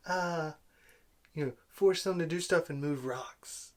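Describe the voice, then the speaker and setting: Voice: mid-range voice, slow. Ranting vlogger, sarcastic, exasperated, rhetorical questions, mid-range voice. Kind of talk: angry film-review rant.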